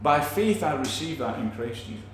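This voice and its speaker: A man teaching about faith in a relaxed talk, animated, acting out quoted people and restarting his sentences often. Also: on the high side, normal speed, roomy sound, slight background noise. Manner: animated, acts out quoted preachers, many restarts. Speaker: preacher.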